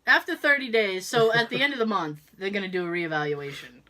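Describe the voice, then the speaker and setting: A woman's voice: medium pitch, a little fast, bright, forceful tone. A woman co-hosting a podcast, telling a story in casual chat, swearing freely and laughing as she goes. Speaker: podcast co-host.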